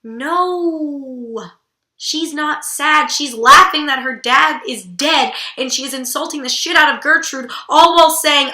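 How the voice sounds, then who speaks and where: Blunt, bright-voiced woman vlogger. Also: high voice, a little slow, echoey room. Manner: blunt and irreverent, swears casually. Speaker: book vlogger host. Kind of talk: casual literary commentary.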